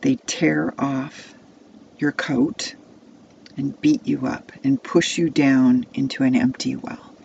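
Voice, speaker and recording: A woman tells a Bible story to children at a slow, unhurried pace, drawing listeners into the tale. Her voice has a gravelly edge, and the recording is dull and lo-fi with faint background noise. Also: a bass voice, fairly even intonation, a little mellow. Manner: second-person immersive storytelling.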